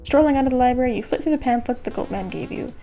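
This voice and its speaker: A woman streamer narrating a dating game aloud, slipping in playful, chatty asides. Her voice is mellow and sits a little high, with faint music underneath. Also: expressive, very fast.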